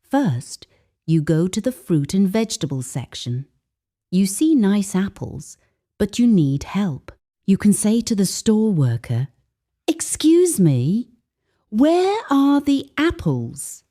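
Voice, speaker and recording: A woman narrates an English lesson at an unhurried pace, speaking slowly and clearly. Her tone is mellow, and her pitch moves up and down a lot, rising whenever she reads out an example phrase. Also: sing-song. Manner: slow and clear, sample phrases read with a higher lilt. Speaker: English teacher.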